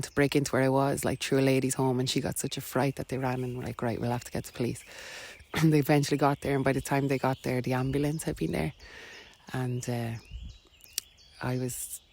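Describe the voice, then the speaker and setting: A woman's voice: very deep voice, darkish tone, a little hiss or hum. A woman with an Irish accent, a podcast guest telling a personal story in a rambling, filler-heavy way with frequent laughs. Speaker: podcast guest, wellness coach.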